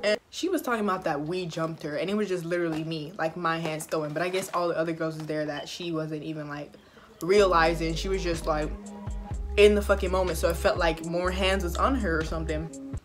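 A woman's voice: lowish voice, fairly quick, soft background music. A young woman vlogger telling a storytime while eating, chatty, slangy and profane, talking straight to her viewers. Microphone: phone camera.

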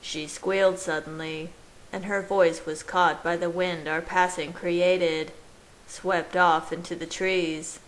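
Woman reader, unhurried and gentle, fairly low voice, narrating a romance story. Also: flat delivery, a little hiss or hum, low-quality recording. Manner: slow, gentle, measured reading. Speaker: fan fiction reader. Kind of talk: storybook narration read aloud.

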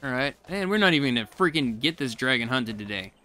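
A man's voice: medium pitch, expressive, fast, sharp tone, soft background music. A man doing casual let's play commentary, reading game dialogue aloud and commenting offhandedly. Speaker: gaming channel host.

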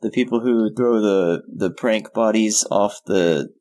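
A man's voice: on the low side, a little slow, mellow. A man co-hosting a casual podcast, making dry, joking remarks and laughing. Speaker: podcast co-host. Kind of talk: casual chat.

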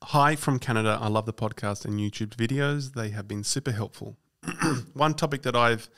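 A man's voice: medium pitch, moderate pace, fairly bright tone. A man co-hosting a podcast, reading out listener emails and adding brief, friendly interjections. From Australia. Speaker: podcast co-host.

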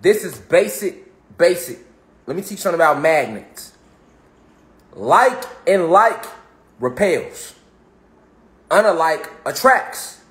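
A man giving a casual motivational talk, animated and slangy, swearing freely and swinging between loud and soft. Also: sits high. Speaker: motivational speaker. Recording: roomy echo.

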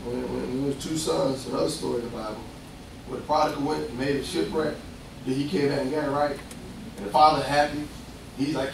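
A man preaching a sermon, animated and lively, swinging from loud bursts to hushed asides. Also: a little high, vocal fry, noisy background. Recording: echoey room picked up from far off, faint ambience.

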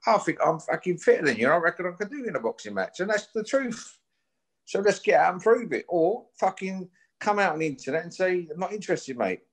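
A man's voice: sits high, big pitch swings, fairly quick. A man, talking bluntly and confrontationally as a guest in a casual chat, swearing often as he issues a challenge. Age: 50s.

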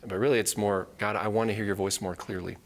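A man's voice: fairly low pitch, steady tone, quick pace. A man teaching a live Bible study, earnest and repeating key phrases for emphasis.

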